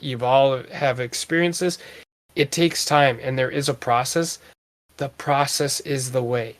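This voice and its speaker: A man's voice: on the high side, fairly bright tone. A man in his thirties co-hosting a podcast, talking in an earnest, rambling way with lots of fillers. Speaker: podcast co-host. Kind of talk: casual motivational talk.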